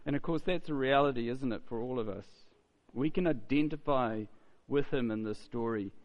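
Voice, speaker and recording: A man preaching a sermon at a middle pitch. He talks to the congregation in a conversational way, often asking "isn't it?" and doubling back on his words. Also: normal speed, highs cut off.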